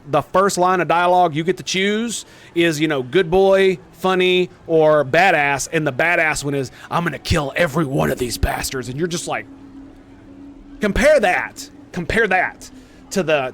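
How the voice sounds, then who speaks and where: A man streaming a video game, rambling with excited, profane commentary. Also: on the high side, slight background noise. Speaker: gaming streamer. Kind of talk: casual gameplay commentary.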